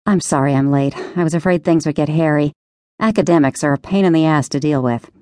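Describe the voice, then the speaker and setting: A woman voicing a frank, wry woman on a dinner date who talks in a brisk, teasing way. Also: deep voice, a little mellow, dry recording, clean studio sound, lightly acted. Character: confident, wry Italian-American woman on a date.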